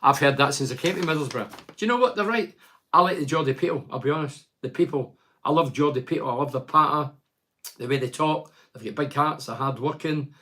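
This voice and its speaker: A man's voice: fairly high pitch, brisk, sharp tone. A middle-aged Scottish man hosting a casual phone-in chat, reading out listener messages and answering bluntly. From Scotland. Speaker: radio phone-in host.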